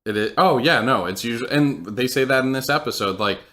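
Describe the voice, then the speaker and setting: A man's voice: medium pitch, brisk, sharp tone. A man co-hosting a casual podcast, recapping a TV episode in a rambling way with lots of fillers and laughs. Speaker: podcast co-host.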